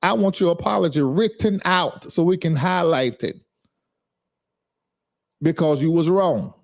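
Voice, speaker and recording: A man's voice: fairly high pitch, unhurried, gravelly. A man, talking casually on a livestream. He reads viewer comments aloud and scolds a commenter with sass and a drawling rhythm. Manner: sassy, scolding, reading chat aloud. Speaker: livestream host.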